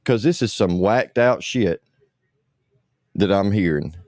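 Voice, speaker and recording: A man's voice: on the low side, lively intonation, takes it slowly, darkish tone, no room sound, studio quality. A man hosting a livestream, ranting bluntly with lots of swearing and repetition. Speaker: livestream host.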